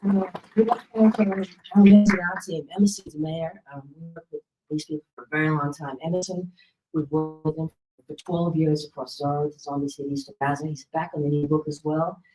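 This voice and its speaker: A woman giving an excited, laughing acceptance speech and thanking her team. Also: low-pitched, brisk, music in the background, rough recording. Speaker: award winner. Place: awards ceremony stage.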